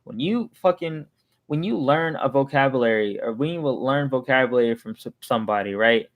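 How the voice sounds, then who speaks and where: A man's voice: mid-range voice, animated, a little fast. Heated rambling young man vlogger. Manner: heated, rambling, swears freely, many restarts. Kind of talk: casual ranting monologue.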